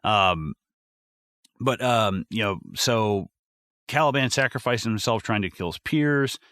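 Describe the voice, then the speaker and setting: A man co-hosting a podcast, recapping a movie in casual chat, excitable and profane, with lots of fillers. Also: lowish voice, a little slow, dry recording. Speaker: podcast co-host.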